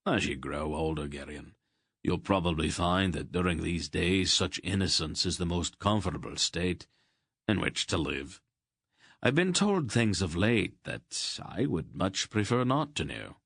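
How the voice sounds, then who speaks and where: A man's voice: low voice, lively intonation, a little slow, gravelly, fairly bright tone, husky, no echo, clean studio sound, heavily acted. A man reading the part of a genial older king who speaks with tolerant amusement. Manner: tolerant, paternal.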